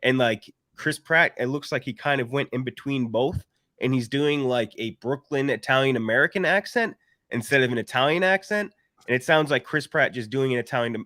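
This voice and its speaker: A man co-hosting a movie podcast, with a deadpan fake ad read that turns into relaxed, opinionated chat. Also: medium pitch, no echo, studio quality. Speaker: podcast co-host.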